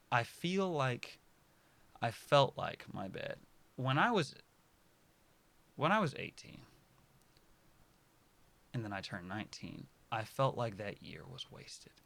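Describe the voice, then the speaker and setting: A man in his early twenties talking casually to his viewers, rambling and correcting himself, dropping to soft mutters and then bursting out loud. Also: medium pitch, very animated, slow pace, vocal fry, pauses often, no room sound. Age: early 20s. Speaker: vlogger. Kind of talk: casual personal monologue to camera.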